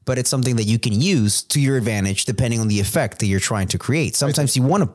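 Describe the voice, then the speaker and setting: A man's voice: mid-range voice, fast talker. A man hosting a podcast in casual chat, talking about craft with guests. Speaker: podcast host.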